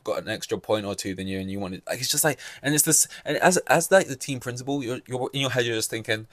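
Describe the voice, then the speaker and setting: A man's voice: medium pitch, fast talker, fairly bright tone, dry recording. A young man hosting a podcast, ranting casually and sarcastically, swearing freely. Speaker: podcast host. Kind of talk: casual solo podcast commentary.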